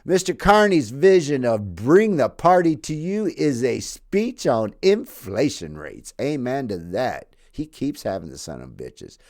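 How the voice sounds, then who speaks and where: A middle-aged man from Canada chats on his own podcast in a loose, rambling way, laughing and cursing as he goes. His voice is of ordinary pitch but swings up and down with lively expression. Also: measured pace, few pauses. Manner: rambling, laughs and swears freely. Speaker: podcast host. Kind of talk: casual podcast chat and comedy roasting.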